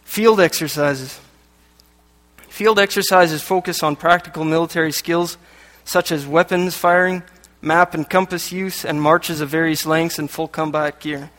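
A man's voice: on the high side, fairly even intonation, unhurried, a bit bright. Light-voiced man preaching in an echoey hall. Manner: joking asides between read passages. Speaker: lay preacher. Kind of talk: sermon. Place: church hall. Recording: echoey hall with long reverb.

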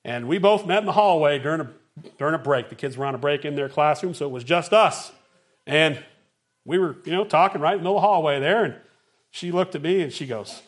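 Pastor guy, middle-aged, high voice that swoops around a lot while he tells his stories. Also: fairly quick. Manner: animated storytelling with acted-out quotes. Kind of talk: sermon.

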